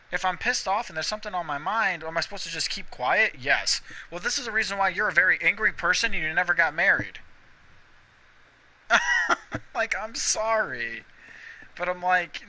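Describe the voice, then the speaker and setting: A young man with a very bright, sharp voice that sits a bit high, talking freely over a game. He is blunt and opinionated, swears a lot and breaks into loud laughs. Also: animated, moderate pace, a little hiss or hum. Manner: frequent bursts of laughter. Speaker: gaming streamer. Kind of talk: casual chat while gaming.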